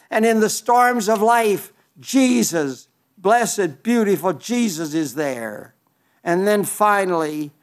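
High pitched guy preaching a sermon, earnest and repeats himself, drags words out to hit a point. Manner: earnest, repetitive exhortation, slowing for emphasis.

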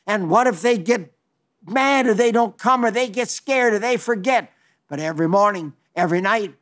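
A man's voice: high voice, fairly bright tone. A man in his nineties preaching a sermon in a fervent, folksy way, often restarting his sentences. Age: 90s.

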